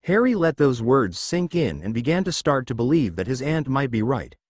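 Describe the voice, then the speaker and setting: A man narrating a fan-fiction story with a dramatic, expressive delivery. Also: medium pitch, moderate pace, no echo, studio quality.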